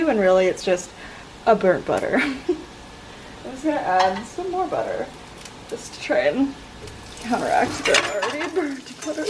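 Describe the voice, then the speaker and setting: A young woman chats casually as she cooks in her home kitchen, joking at her own expense and laughing often. Her voice sits a little high. Clear frying sizzle runs under her talk. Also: sing-song, unhurried, pauses often, noisy background. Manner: chatty and self-mocking, laughs often. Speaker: home cooking vlogger. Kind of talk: casual cooking vlog chat. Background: sizzling and stirring from the pan.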